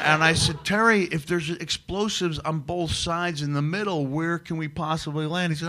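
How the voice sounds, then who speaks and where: A middle-aged man, a guest on a live podcast, telling animated stories and laughing often as he mimics other people. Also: on the high side, moderate pace, hardly any pauses, a crowd in the background. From United States. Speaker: guest, wrestler turned comedian. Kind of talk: live podcast chat, storytelling.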